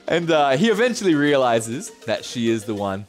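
A man preaching a sermon as pastor, conversational and animated, laughing often as he talks. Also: mid-range voice, normal speed, faint music behind.

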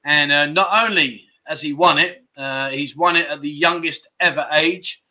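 A man's voice: on the high side, steady tone, moderate pace, bright, forceful tone. A middle-aged man hosting a casual livestream, chatting loosely, laughing often and reading out viewer comments. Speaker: livestream host.

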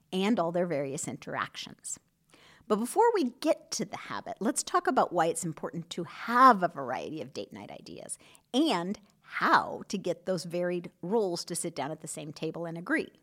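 A woman hosting a podcast, giving scripted relationship advice in an earnest, expressive way with soft asides. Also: on the low side. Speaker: podcast host.

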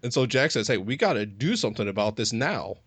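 A man's voice: mid-range voice, big pitch swings, quick pace, fairly bright tone, slightly rough, dry recording. A man co-hosting a podcast, casually retelling TV scenes and loosely quoting the characters. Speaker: podcast co-host. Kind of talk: casual chat recapping a TV episode.

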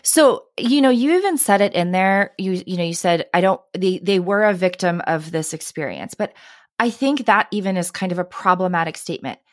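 A woman's voice: lowish voice, normal speed, dry recording. Earnest woman guest, dry close sound. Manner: earnest, animated storytelling with frequent "right?" and "I mean". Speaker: podcast guest. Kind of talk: conversational interview.

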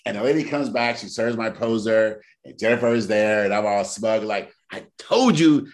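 A man co-hosting a casual podcast, telling stories in an animated way and breaking into loud laughter. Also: lowish voice, moderate pace. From Sacramento area. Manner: animated storyteller, bursts into shouting laughter. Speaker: podcast co-host. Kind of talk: casual storytelling chat.

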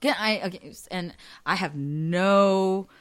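Chatty young woman, slightly low voice. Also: takes it slowly, clear, resonant tone. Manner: animated storytelling, acts out quotes, laughs often. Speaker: podcast co-host. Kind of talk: casual chat.

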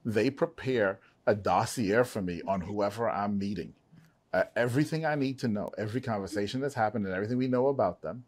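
A man's voice: on the low side, a little fast, darkish tone. A middle-aged man hosting a podcast, speaking in an emphatic, folksy way and talking straight to the listeners. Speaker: podcast host. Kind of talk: conversational podcast interview.

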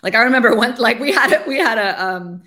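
A woman in her forties who leads a ministry shares her testimony in a chatty interview, peppering it with "like" and voicing her past thoughts aloud. She talks fast and animatedly in a fairly high, pushed, bright voice.

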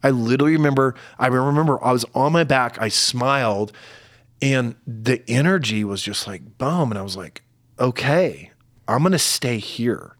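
A man's voice: medium pitch, dry recording, clean studio sound. Candid middle-aged man telling a story. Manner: candid, halting, gets emotional. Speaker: podcast guest. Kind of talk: personal storytelling in conversation.

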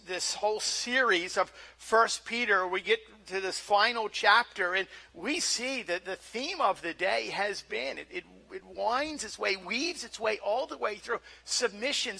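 Bright-voiced male pastor preaching. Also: high-pitched, gravelly. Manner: conversational, repeats words as he starts phrases. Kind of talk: sermon.

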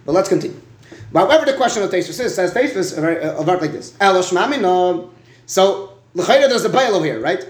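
A man's voice: high-pitched, animated, fast, roomy sound. A man teaching a Talmud lesson. He stops and starts, repeats words and often asks "right?".

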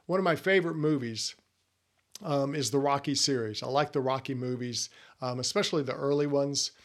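A middle-aged man speaks in an earnest, personal way, giving a faith-based talk to men. His voice sits a little high for a man, and he addresses the listener directly as he makes each point.

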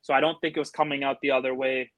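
A man's voice: medium pitch, little pitch movement, very fast, a bit bright, no echo. A man telling a story as a podcast guest in a casual way, rambling and full of fillers. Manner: rambling, filler-heavy with many likes.

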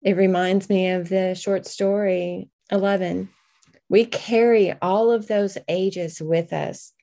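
Woman host, real slow and measured, warm low tone. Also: steady tone, vocal fry. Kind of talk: reflective interview talk.

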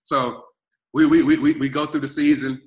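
A man in his thirties from Arkansas, telling his life story in an energetic, emphatic way and acting out what he and others said. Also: medium pitch, moderate pace, roomy sound. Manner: energetic, repetitive and emphatic, quotes himself and others. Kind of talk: animated storytelling.

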